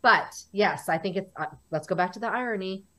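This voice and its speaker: A woman's voice: mid-range voice, a little fast. A woman, a guest in a casual interview, telling stories and acting out what people said to her. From United States. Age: 40s. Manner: animated storyteller, acts out dialogue.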